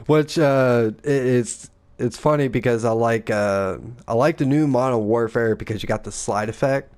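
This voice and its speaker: A man with a smooth, clean voice at an ordinary middle pitch tells gaming stories in casual chat. He rambles, swears freely and acts out what people said in little quoted voices. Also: moderate pace, a little mellow. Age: adult father. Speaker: gaming podcast co-host.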